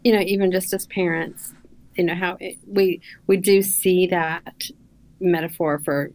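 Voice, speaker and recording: A woman's voice: on the low side, steady tone, measured pace, a little mellow. A woman co-host on a faith podcast, encouraging and increasingly emphatic. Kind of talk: casual faith podcast chat.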